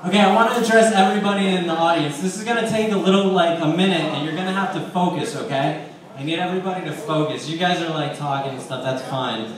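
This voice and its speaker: A high-voiced man rambles through a profane stand-up set from a bar stage, mocking himself as he goes. He is caught from across a very echoey room, and his voice sounds distant. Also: quick pace. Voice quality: rambling, profane, self-deprecating. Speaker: stand-up comic. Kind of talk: stand-up set at an open mic. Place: bar stage before a live audience. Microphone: handheld stage microphone, caught by a distant camera.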